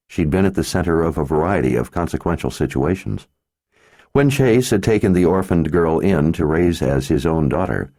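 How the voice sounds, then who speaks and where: A man narrating a fantasy audiobook in an expressive storytelling manner. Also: sits low, dry recording, clean studio sound. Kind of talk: scripted narration.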